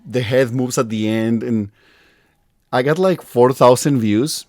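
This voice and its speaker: A man hosting a podcast, telling animated anecdotes and laughing at himself in casual conversation. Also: medium pitch, measured pace. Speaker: podcast host.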